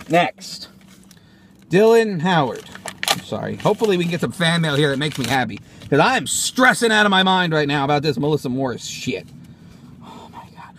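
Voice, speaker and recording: A man hosting a toy-show vlog from inside his car, reading fan mail and reacting with excitable, profane, yelling rants. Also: a little high, moderate pace, a little hiss or hum. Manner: excitable, swearing, yelling outbursts. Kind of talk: profane comedic vlog rant.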